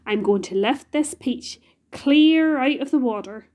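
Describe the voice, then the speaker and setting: A woman's voice: fairly high pitch, expressive, measured pace. Woman doing an earnest young boy. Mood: firm. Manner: earnest, quiet then firm. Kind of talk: storybook reading.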